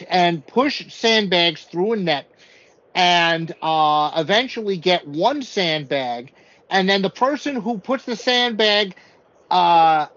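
A man's voice: high-pitched, no room sound, lo-fi sound. A man co-hosting a podcast, recapping a TV episode in casual chat and acting out what people said. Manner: animated storytelling, acts out quotes. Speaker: podcast co-host.

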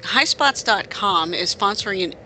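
In a high-pitched, expressive, sharp voice at normal speed, a male podcast co-host rambles through stories during casual chat, constantly restarting, using fillers and correcting himself. A little hiss or hum sits in the background.

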